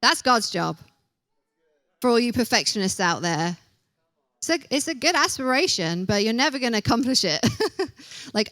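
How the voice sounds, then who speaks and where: A woman's voice: mid-range voice, fairly bright tone, clean tone, no room sound, studio quality. A young woman preaching a casual sermon in a chatty, self-deprecating way, acting out little quotes as she goes.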